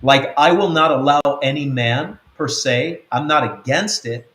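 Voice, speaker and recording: A man's voice: fairly high pitch, a little slow, a bit bright, roomy sound. A man giving a spiritual teaching talk as an apostle. He speaks earnestly and repeats his points. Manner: earnest, repetitive, acts out quotes.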